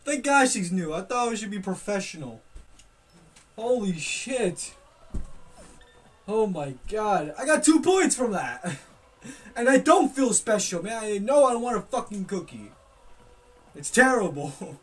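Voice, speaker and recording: A gaming YouTuber giving loud, excitable commentary, yelling and swearing at opponents while playing. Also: medium pitch, measured pace, pauses often, breathy edge, distant mic.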